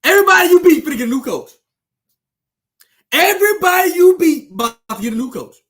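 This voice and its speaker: This sports commentator, who has his own channel, speaks in a very high, sing-song voice that is fairly quick and fairly bright. He launches into a fiery, profane rant at his viewers, taunting them and hammering points home through repetition.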